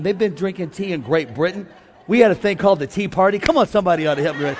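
A high-voiced male pastor preaching with comic energy and sudden shouts. His voice rings through a large sanctuary with a long echo. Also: fast talker. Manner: energetic, joking, shouts at the climaxes. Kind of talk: sermon. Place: church sanctuary.

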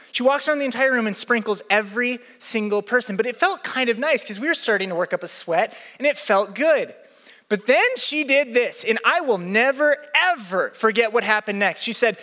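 A young man preaching as a pastor, telling stories in an animated way and acting out the people in them. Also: moderate pace. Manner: animated, acts out quoted people with big pitch swings. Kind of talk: sermon with storytelling. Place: church hall with a live audience. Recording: long hall reverb.

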